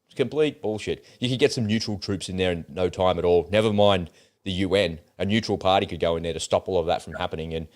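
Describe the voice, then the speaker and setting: A man's voice: deep voice, fast talker. An Australian man co-hosting a podcast, giving blunt, heated opinions in casual chat and swearing freely. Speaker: podcast co-host.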